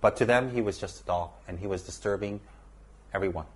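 Earnest man with a lowish voice. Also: breathy edge. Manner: earnest, measured, repeats words for emphasis. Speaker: teacher with monastery students. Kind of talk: personal storytelling.

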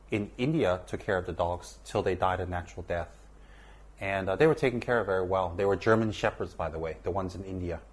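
A monastery teacher with students of his own shares a personal story, his lowish voice earnest and measured. He repeats certain words to stress them.

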